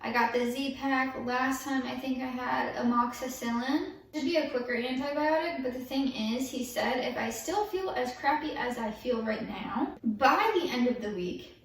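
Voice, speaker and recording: This woman vlogs frankly and chattily about her post-dental-surgery pain, expressive throughout, talking in a high voice at a moderate pace with few pauses. She sits far from the mic, off-mic in an echoey room, while faint yard work noise carries in from outside.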